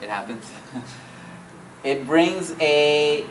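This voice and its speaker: Teacher in a classroom, a man with a slightly high voice who checks in with "all right?" and recites verses quickly, light noise behind. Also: animated, rough recording. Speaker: Arabic teacher. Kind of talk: classroom grammar lesson. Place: classroom with students.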